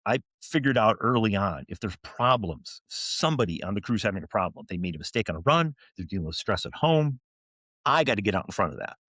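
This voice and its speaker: A man's voice: lowish voice, very animated, fairly quick, a bit bright, breathy edge, dry recording, clean studio sound. A man in his forties, a firefighter officer, telling stories in an interview with earnest restarts and fillers. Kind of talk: storytelling interview answers.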